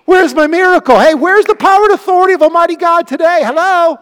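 A preacher playing an exasperated apostle who pleads and whines at God for a miracle. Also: male voice, very high-pitched, fast, a bit bright, long reverb tail, voice pushed up. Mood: whiny. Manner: pleading, then whiny and mocking.

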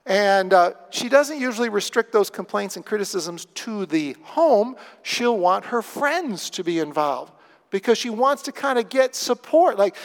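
High-voiced male pastor preaching in a hall. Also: moderate pace, vocal fry. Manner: animated, with acted-out voices. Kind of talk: sermon.

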